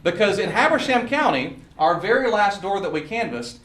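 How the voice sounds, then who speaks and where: A man's voice: high voice, sing-song, moderate pace, fairly bright tone. A man giving a campaign speech at a meeting, earnest and pleading as he tells stories. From Southern US. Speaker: political candidate. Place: meeting room. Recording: echoey room, mic far off.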